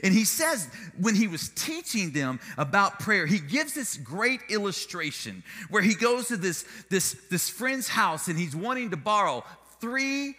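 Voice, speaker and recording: Animated, bright-voiced male pastor preaching. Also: sits high, unhurried, in a large hall. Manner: animated storytelling with humor. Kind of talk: sermon.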